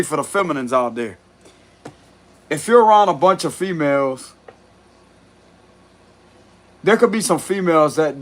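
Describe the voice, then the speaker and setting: A man's voice: on the high side, fairly bright tone. A man giving a casual tarot reading, talking bluntly with frequent cursing and laughter. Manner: blunt, profane, laughs often. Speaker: tarot reader.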